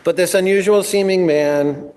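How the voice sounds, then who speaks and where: A middle-aged man, a guest singer, giving an earnest introduction in a large legislative chamber, halting with frequent ums. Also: sits high, a little mellow. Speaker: guest singer leading a devotional. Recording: long hall reverb, faint music behind.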